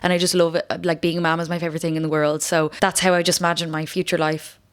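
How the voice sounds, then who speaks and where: A woman's voice: low voice, flat delivery, fast, clear, resonant tone. A woman in her late twenties with an Irish accent, chatting casually in a vlog as she answers viewer questions, rambling, restarting and swearing freely. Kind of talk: casual chat.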